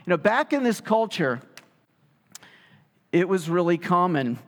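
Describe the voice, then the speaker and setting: Man preaching, relaxed and chatty, fairly high voice, long hall echo. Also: a little slow. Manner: conversational, animated storytelling with asides. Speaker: pastor. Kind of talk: sermon. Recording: reverberant hall sound.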